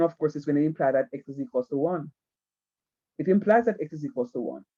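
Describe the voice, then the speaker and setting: A man's voice: on the high side, dark tone, highs cut off. A man, teaching math in an online class, repeating himself and coaxing students to watch. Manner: repetitive, coaxing, keeps saying "watch me".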